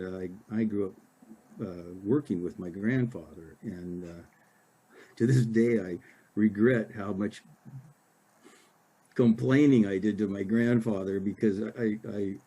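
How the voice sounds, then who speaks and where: An older man from Oregon, an author giving a casual library talk, halting with many fillers and restarts. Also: lowish voice, dark tone, husky.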